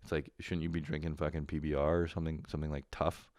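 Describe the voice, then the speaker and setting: A man's voice: very deep voice, flat delivery, fast, darkish tone, no room sound, studio quality. A young man hosting a casual solo podcast, swearing, laughing and mocking others in impressions. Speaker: podcast host.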